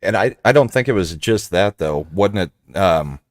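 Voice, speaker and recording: A man co-hosting a podcast in casual chat, measured and questioning. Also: sits low, animated, no echo, studio quality. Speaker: podcast co-host.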